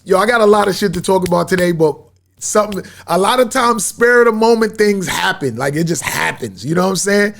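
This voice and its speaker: A man's voice: high-pitched, lively intonation, a little fast, gravelly, a bit bright. A man hosting his podcast in a media studio, telling a rambling story in slang-heavy street talk. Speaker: podcast host. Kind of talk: casual storytelling monologue.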